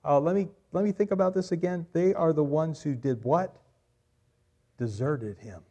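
A male pastor preaching a sermon, swelling loud on key phrases and dropping quiet after them. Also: a little high, moderate pace, slightly rough.

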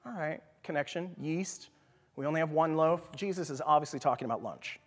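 A man teaching scripture in a relaxed, conversational way, often checking in with "right?" and sometimes dropping to a whisper for emphasis. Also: on the high side, brisk. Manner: animated, leans on "right?" and "okay?". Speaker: Bible study teacher. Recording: long hall reverb.

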